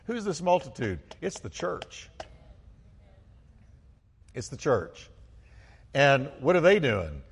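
Fervent pastor preaching in a hall. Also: male voice, a little high, huge pitch swings, unhurried, long pauses, breathy edge. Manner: fervent, rising to loud exclamations; asks the congregation to respond. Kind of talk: sermon. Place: church sanctuary.

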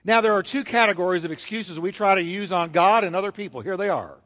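Brief: high-pitched male pastor, emphatic sermon delivery, long reverb of a big church hall. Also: expressive, a bit bright. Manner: emphatic, repetitive preaching with dramatic pauses. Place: church sanctuary. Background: congregation.

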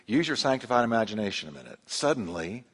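A male pastor preaching a sermon, telling the story with lively emphasis and acting out the voices he quotes. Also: on the low side, quick pace, husky. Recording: long hall reverb.

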